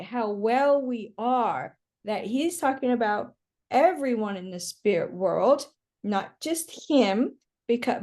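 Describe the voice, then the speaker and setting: A woman with a fairly high, warm voice works as a psychic medium, giving a chatty live reading over a video call. Her speech is full of fillers.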